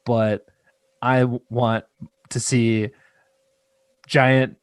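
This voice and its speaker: Dry-sounding man telling a lively anecdote. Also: mid-range voice, very slow, clean tone, no room sound. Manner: animated storyteller, laughs often, playful teasing. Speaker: podcast co-host. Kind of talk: casual chat.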